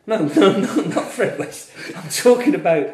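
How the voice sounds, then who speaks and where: A man's voice: high voice, expressive, moderate pace, warm tone, a little hiss or hum. A man hosting a live beer review in casual chat, telling stories with chatty, exasperated banter. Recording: roomy echo.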